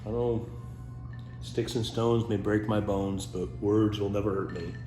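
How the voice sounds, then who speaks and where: A man doing a playful comic monologue as a host, silly and animated. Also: on the low side, a little slow, echoey room, over music. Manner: animated, silly, keeps breaking into goofy voices. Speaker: comedy host.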